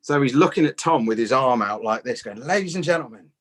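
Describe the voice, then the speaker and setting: A man's voice: mid-range voice, brisk, fairly bright tone. A man on a podcast, telling a long, rambling, sweary story in casual chat, with lots of restarts. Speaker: podcast guest, guitarist.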